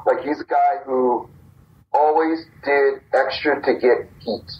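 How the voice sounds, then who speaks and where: Animated man telling a story, lo-fi sound. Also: mid-range voice, takes it slowly. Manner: animated storyteller acting out quotes. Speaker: wrestling company co-founder. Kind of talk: casual podcast storytelling.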